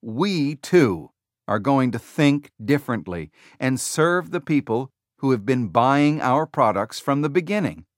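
A narrator voicing a confident tech executive. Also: male voice, medium pitch, animated, a little slow, no echo, studio quality, lightly acted. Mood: emphatic. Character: confident male tech executive giving a keynote. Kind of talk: quoted speech within audiobook narration.

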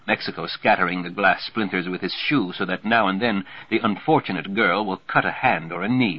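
A man narrating a novel aloud in a dry, wry, steady manner. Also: lowish voice, breathy edge. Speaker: audiobook narrator. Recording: dull lo-fi recording.

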